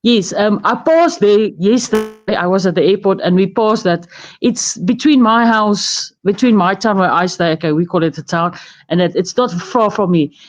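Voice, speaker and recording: A woman's voice: medium pitch, moderate pace, poor audio. A woman from South Africa with a South African accent, chatting casually on a live stream from her bed, rambling and laughing often. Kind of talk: casual chat. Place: lying on her bed at home. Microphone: phone.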